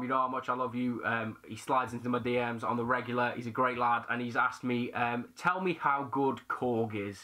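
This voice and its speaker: A man's voice: medium pitch, bright, forceful tone. A young British man hosting a casual Q&A for his movie channel, chatty and self-deprecating with plenty of slang. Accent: British English. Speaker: YouTube movie channel host. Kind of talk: casual Q&A chat to camera.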